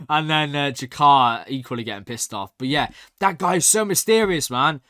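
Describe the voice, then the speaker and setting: A young man hosting a reaction channel, excitedly rambling through a recap with lots of "like". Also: on the high side, a little fast, few pauses, no echo, clean studio sound. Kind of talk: casual recap and review.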